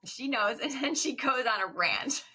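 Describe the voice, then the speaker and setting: A woman's voice: fairly high pitch, animated, moderate pace, bright, forceful tone, slightly rough. A woman co-hosting a casual rewatch podcast, animatedly retelling scenes and acting out the quotes. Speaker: podcast co-host.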